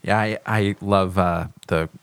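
A man's voice: low voice, steady tone, slow, vocal fry, clean tone, dry recording. A man, a pastor, leading a podcast Bible discussion and thinking aloud with frequent restarts.

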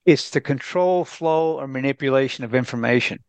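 A man's voice: medium pitch, moderate pace, a little mellow, clean tone, no echo. A man, a guest commentator on a talk radio show, making his case in an emphatic, lecturing way and ticking off points in lists.

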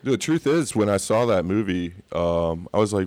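Deep-voiced man chatting about cocktails. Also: moderate pace, no echo. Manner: animated storyteller, swears casually. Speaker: cocktail podcast co-host. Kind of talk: casual chat.

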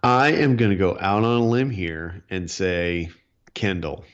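A chatty man co-hosting a relaxed show, his voice sitting low. He jokes and chuckles as he talks, and the recording sounds slightly dull and lo-fi. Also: measured pace. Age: older. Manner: chatty, joking, chuckles often. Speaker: podcast co-host. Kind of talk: casual chat recapping a reality show.

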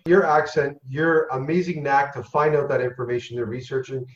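A man's voice: mid-range voice, fairly even intonation, fairly quick. A man co-hosting a podcast interview, speaking with enthusiasm, praising the guest and laughing often. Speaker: podcast co-host. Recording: roomy echo, dull lo-fi sound.

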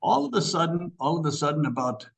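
A man's voice: on the high side, sing-song, fast, creaky, low-quality recording. An older man, a priest and author, telling stories as a radio interview guest, often repeating his words. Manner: repeats phrases, storytelling.

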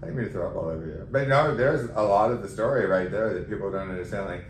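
A man with a very low voice tells his story candidly and with feeling, slipping into other people's voices as he quotes them. The room is echoey and a faint hiss sits underneath. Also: fast talker. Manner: emotional, animated, acts out quoted dialogue. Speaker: podcast guest. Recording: roomy echo, faint background noise.

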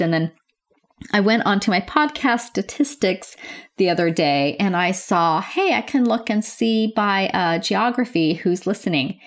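An American woman nurse hosting her own podcast from a home office, chatting in an upbeat, gushing way. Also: mid-range voice. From United States. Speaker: podcast host. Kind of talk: casual podcast chat.

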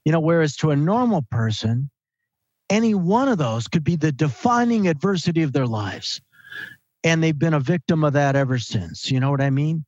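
A man guest on a podcast interview, telling stories in an animated, emphatic, conversational way. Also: a little high, moderate pace, dry recording, dull audio. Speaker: guest, author and speaker.

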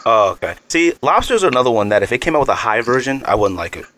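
A man hosting a casual podcast chat, asking quick questions and sharing his own opinions. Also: mid-range voice, sing-song, pushed and bright, a little hiss or hum.

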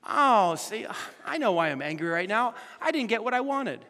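A man preaching a sermon as pastor, animated and full of rhetorical questions to the congregation. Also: sits high, normal speed, big-room sound.

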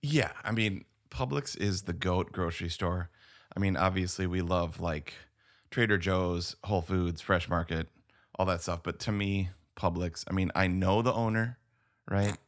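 Laid-back low-voiced man chatting. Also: a little slow. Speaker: podcast co-host. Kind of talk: casual chat.

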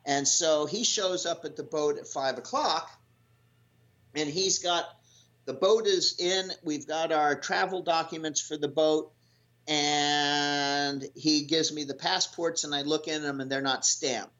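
A man's voice: on the high side, steady tone, measured pace, fairly bright tone. A man from the United States telling a travel anecdote in a casual, rambling way, full of fillers and restarts. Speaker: guest telling a sailing story. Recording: lo-fi dull audio.

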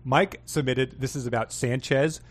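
A man's voice: mid-range voice, fairly even intonation, moderate pace. A man hosting a podcast, casually and wryly reading out listener emails and submissions, with plenty of fillers. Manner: wry, amused, with frequent fillers. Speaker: podcast host.

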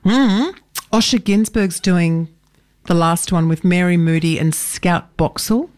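A woman, a guest performer on a radio show, chatting casually in an animated, joking, opinionated way. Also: on the low side, slow. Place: radio studio.

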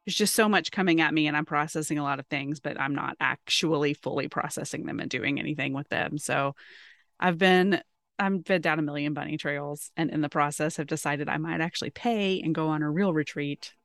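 Woman co-host, casual rambling chat, lower pitch, dry sound. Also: fairly quick, fairly bright tone, dry recording. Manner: chatty, laughs often, trailing asides. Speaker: podcast co-host.

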